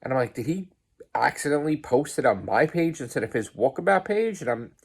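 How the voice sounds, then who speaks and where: A man's voice: mid-range voice, expressive, brisk, creaky, husky. Agitated male vlogger, profane, heated unscripted rant. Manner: swears heavily, grows agitated and loud. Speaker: podcast host. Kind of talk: angry rant to camera. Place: pizzeria, on a work break.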